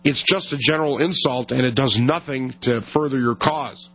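A hoarse man hosting a radio talk show, arguing combatively with many stammered restarts and interruptions. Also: mid-range voice, normal speed. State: hoarse, losing his voice. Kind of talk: heated call-in debate. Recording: dull lo-fi radio broadcast.

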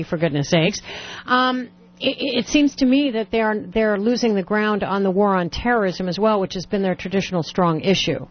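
A woman's voice: mid-range voice, dull audio. A woman hosting a radio talk show, opinionated and wry, with pointed asides.

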